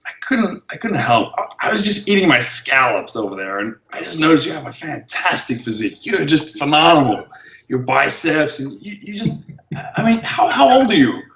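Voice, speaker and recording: A man imitating a fawning 63-year-old American man, with gushing, high-pitched praise. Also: big pitch swings, normal speed, vocal fry, a bit bright, reverberant, recorded from a distance, heavily acted, rough recording.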